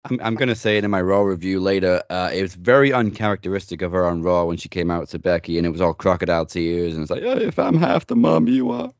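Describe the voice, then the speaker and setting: A man's voice: low voice, steady tone, fast, hardly any pauses, clear, resonant tone, no echo, highs cut off. A man hosting a wrestling podcast, chatting casually and bluntly, joking and swearing freely. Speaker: podcast host.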